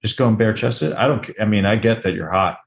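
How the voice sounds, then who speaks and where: A man with a fairly low voice co-hosts a casual movie podcast. He talks in a loose, joking way and slips into little acted-out quotes as he breaks down scenes. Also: a little fast. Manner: animated, joking, acts out quotes. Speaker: podcast co-host. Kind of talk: casual film review chat.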